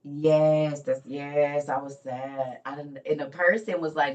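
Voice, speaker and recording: A woman's voice: sits low, fairly even intonation, takes it slowly, few pauses, a little mellow, far from the mic, dull audio. An older woman, a grandmother, chatting in a morning vlog, tired and weak, telling stories and calling viewers y'all and honey. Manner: chatty storytelling, Southern Black vernacular, calls viewers y'all and honey. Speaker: vlogger. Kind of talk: casual morning vlog chat.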